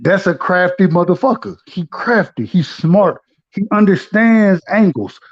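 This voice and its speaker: A man's voice: high-pitched, lively intonation, unhurried. A man, a regular guest on a live stream, giving advice in loose slang with frequent restarts. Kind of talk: casual live-stream chat. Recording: dull lo-fi audio.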